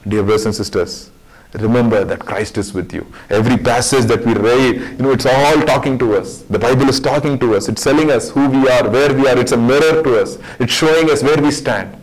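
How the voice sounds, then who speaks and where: A man teaching a Bible study as a sermon, fervent and repetitive, swinging between loud urging and hushed tones. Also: medium pitch, brisk, poor audio.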